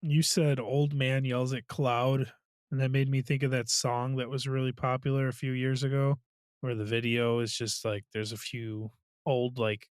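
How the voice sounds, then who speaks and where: A man's voice: mid-range voice, dry recording, studio quality. A man co-hosting a podcast in casual chat, laughing often as he retells movie scenes. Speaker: podcast co-host.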